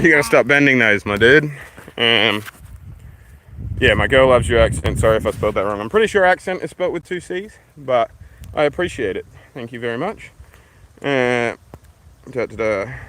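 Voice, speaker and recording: An Australian man chats on a livestream as he strolls through a park, his voice sitting at an ordinary pitch. He rambles easily and swears without a second thought. Outdoor noise is plainly heard around his phone mic. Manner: laid-back, rambling, swears freely. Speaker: livestream host. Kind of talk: casual walking livestream chat.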